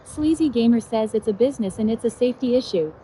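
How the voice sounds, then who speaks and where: A synthetic woman's voice reading viewer chat messages aloud in a flat, even manner. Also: a little high, fast, a little hiss or hum. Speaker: text-to-speech chat reader.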